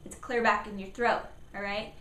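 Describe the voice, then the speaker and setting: A woman's voice: mid-range voice, little pitch movement, moderate pace, a bit bright. A woman giving upbeat, encouraging speech therapy tips to parents and demonstrating sounds. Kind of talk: instructional talk to parents. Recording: echoey room, faint background noise.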